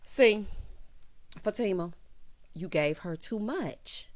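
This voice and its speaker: A woman giving a sassy, animated recap of a TV episode, calling listeners honey and child. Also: mid-range voice, slow. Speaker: TV recap host. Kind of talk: casual recap commentary.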